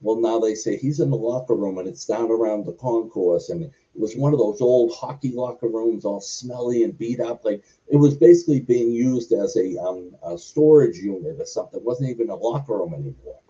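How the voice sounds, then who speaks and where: A wrestler telling a long backstage story in an interview, rambling with many fillers. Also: male voice, on the low side, expressive, brisk, hardly any pauses, dark tone. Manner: rambling, filler-heavy anecdotes. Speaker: wrestler guest. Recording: muffled lo-fi recording.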